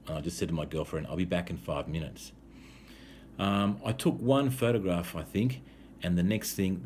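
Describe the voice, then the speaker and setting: Deep-voiced Australian man telling a story. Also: darkish tone, slight background noise. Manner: easygoing, frequent "um" fillers. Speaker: English teacher. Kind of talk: casual storytelling for language learners.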